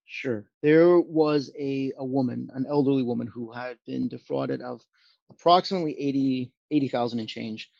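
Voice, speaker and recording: Gravelly man, earnest business guest. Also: medium pitch, normal speed, darkish tone, dry recording. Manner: earnest, restarts phrases often. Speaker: business owner in chargeback disputes. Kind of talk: interview guest. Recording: dull lo-fi sound.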